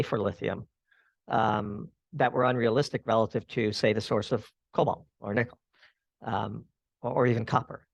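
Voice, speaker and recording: A man's voice: medium pitch, creaky, slightly rough, no room sound. A man as a podcast guest, giving long analytical answers in an interview. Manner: analytical, explains at length. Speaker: guest commentator.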